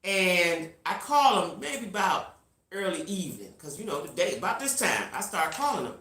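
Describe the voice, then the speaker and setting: A middle-aged woman hosting a live stream, telling a personal story in a casual, animated way and talking straight to her viewers. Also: fairly low pitch, moderate pace, echoey room. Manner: reads out viewer comments. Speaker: livestream host.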